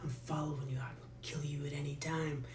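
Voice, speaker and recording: A man voicing a menacing male guard with a shotgun, speaking in a quiet threatening whisper. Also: fairly high pitch, level tone, very fast, reverberant, far from the mic, a little hiss or hum, lightly acted.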